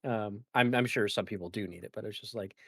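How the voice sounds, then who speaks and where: A man's voice: on the low side, a little fast, dry recording. A man hosting a casual gaming podcast, rambling with lots of fillers and restarts. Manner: rambling, filler-heavy and self-correcting. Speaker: podcast host.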